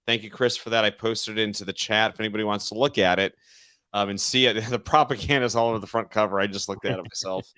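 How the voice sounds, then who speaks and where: A man chiming in on a casual online panel with relaxed, offhand remarks. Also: fairly low pitch, fast, no echo.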